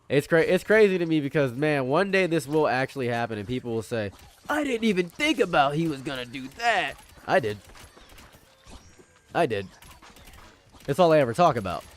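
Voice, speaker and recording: Young man, streamer banter, playful, jokey, repeats himself, mid-pitched voice. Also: lively intonation, moderate pace, long pauses. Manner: playful, joking, repeats lines for effect. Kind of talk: casual rambling stream banter.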